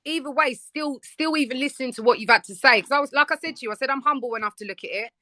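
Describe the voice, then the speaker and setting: A woman's voice: high voice, rapid-fire, bright, forceful tone, no room sound. A woman in a heated live debate, insisting on her point and talking over the other speaker. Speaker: guest debating on a live stream.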